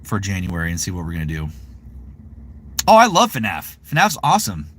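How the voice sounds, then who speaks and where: A man's voice: low voice, wildly swooping pitch, normal speed, a bit bright. A man in his thirties chatting casually on a live stream, rambling with lots of fillers. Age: 30s. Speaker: voice actor streaming.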